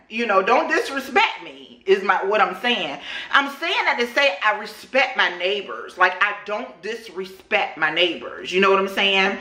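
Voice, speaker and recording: An animated woman vlogger chats to her viewers as she tells a long story, her voice bright and forward. The room around her camera microphone rings with a clear echo. She talks to them like she is catching up with friends. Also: medium pitch, moderate pace. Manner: animated, chatty, addresses viewers as y'all. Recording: roomy echo.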